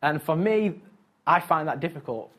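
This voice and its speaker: A man's voice: on the high side, expressive, normal speed, a bit bright. A man preaching a casual, conversational sermon, chatty and self-mocking, with frequent asides to his listeners.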